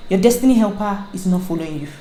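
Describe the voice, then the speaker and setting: A young woman, a guest influencer telling an animated story in casual conversation. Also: medium pitch, fast talker, a crowd in the background. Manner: animated, acts out quoted voices. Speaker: guest, influencer and former radio voice-over artist. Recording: echoey room with faint ambience.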